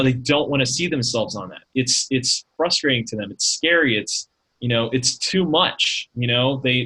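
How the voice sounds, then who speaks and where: A man, a talent manager, giving casual advice on pitching in a webinar over a video call, talking conversationally with many fillers and rhetorical questions. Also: fairly bright tone, rough recording. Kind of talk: casual instructional talk.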